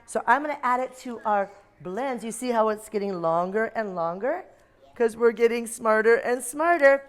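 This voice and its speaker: A woman's voice: a little high, lively intonation, moderate pace. A woman teacher leading a classroom phonics lesson for young children, sounding out letter blends and reading them a story.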